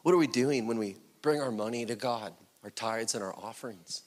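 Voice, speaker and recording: Man, preacher, mid-pitched, passionate sermon delivery, questioning the room, loud highs and whispered lows. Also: a little fast. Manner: impassioned, rising to loud peaks then dropping to hushed whispers; asks the congregation rhetorical questions. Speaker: pastor.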